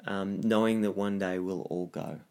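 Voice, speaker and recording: Low-voiced man, gentle and reflective. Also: fairly even intonation, normal speed, smooth. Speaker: acupuncture clinic co-host. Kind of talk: casual podcast chat.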